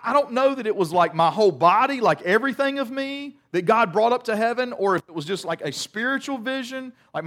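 A young male preacher with a notably high-pitched voice delivers a sermon. He retells scripture in casual, everyday phrasing, earnest and direct. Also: a bit bright. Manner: earnest, retells scripture in plain conversational words. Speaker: pastor.

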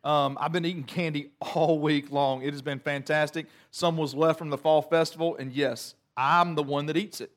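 A middle-aged man preaching a sermon, telling a family story before the scripture reading, in a chatty, self-deprecating, animated way. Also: a little high, normal speed, few pauses. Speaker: pastor.

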